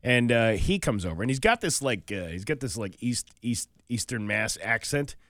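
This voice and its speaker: Man, animated storyteller, bright tone, lively pitch, dry close mic. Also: normal speed, no echo. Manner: animated storyteller, acts out quotes, sings a snippet. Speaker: co-host telling a story. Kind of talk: casual storytelling chat.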